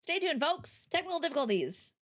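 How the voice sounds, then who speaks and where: A woman's voice: sits high, sing-song, fairly quick, fairly bright tone. A young Canadian woman with a Canadian accent, hosting a casual livestream chat in a giggly, rambling way full of fillers. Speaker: livestream host.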